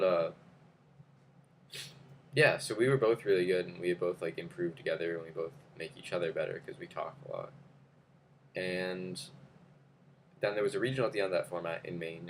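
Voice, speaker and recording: A man's voice: low-pitched, slight background noise. A young man telling a story to camera in a casual, rambling way, with many fillers and restarts. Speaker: vlogger.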